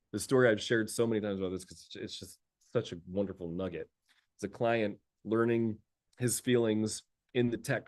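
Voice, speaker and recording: A man working as an executive coach, talking casually and telling stories with frequent laughter and repeated words. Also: fairly low pitch. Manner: lively storyteller who laughs often; repeats words while thinking. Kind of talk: casual conversational talk.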